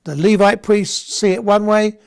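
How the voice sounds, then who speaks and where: A man's voice: sits high, fairly even intonation, measured pace, gravelly, clean tone. A man giving an informal Bible lecture, talking conversationally with frequent restarts and checks of "okay?". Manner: conversational, repeats words and restarts, asks "okay?". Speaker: Bible study teacher.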